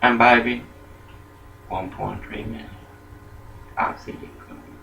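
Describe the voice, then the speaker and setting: An older man talks slowly in a rambling monologue, his voice gravelly with a tense, bright edge. He jumps from thought to thought and swings between low muttering and sudden loud bursts. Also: steady tone, a little hiss or hum, rough recording.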